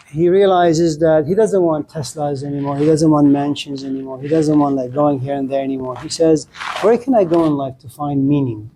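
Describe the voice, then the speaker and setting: A man's voice: on the high side, mellow, slight background noise, rough recording. A man giving a philosophy lecture to a class, talking conversationally and often checking in with "okay?". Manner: conversational, frequent "okay?" check-ins, acted quotes.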